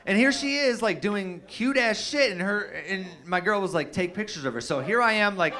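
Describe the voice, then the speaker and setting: A man's voice: sits high, moderate pace, a crowd in the background, noisy background. A young adult man doing a stand-up comedy set, telling stories in a loose, profane way with lots of fillers and restarts. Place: comedy stage with a live audience.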